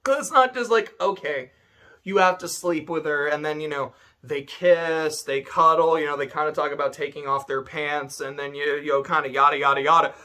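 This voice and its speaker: A man's voice: fairly high pitch, moderate pace. A man talking casually about a visual novel he played, swearing a lot and breaking into laughter as he retells scenes. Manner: profane, laughing, animated storytelling. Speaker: video essay host reviewing a visual novel. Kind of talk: casual spoken review.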